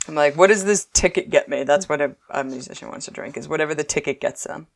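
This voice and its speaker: A woman chatting casually as a co-host, telling animated stories and laughing often. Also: low-pitched, fast, creaky. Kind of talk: casual chat.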